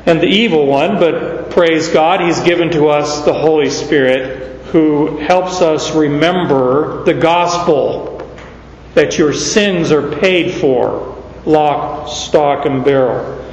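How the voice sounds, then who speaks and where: Male preacher, middle-aged, from Arizona; unhurried sermon delivery, muffled echoey hall sound. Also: fairly high pitch, slight background noise. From Arizona, USA. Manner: unhurried storytelling with sudden emphatic rises. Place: large hall or church.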